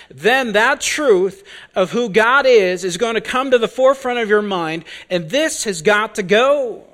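A man preaching an expository sermon, deliberate and full of rhetorical questions. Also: high voice, fairly bright tone.

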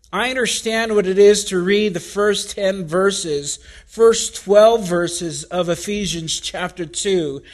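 A man preaching a sermon from the pulpit, deliberate and emphatic, repeating key phrases for weight. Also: sits high. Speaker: pastor.

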